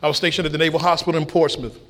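A middle-aged man preaching a sermon, with shouted peaks and folksy stories. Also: a little high, little pitch movement, very fast. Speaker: pastor.

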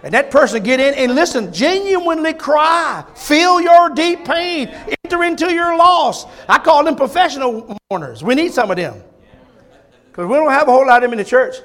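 A male pastor preaching a fervent sermon, swinging between loud, emphatic repetition and hushed, intimate moments, with folksy asides to his congregation. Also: extremely high pitch, lively intonation, moderate pace.

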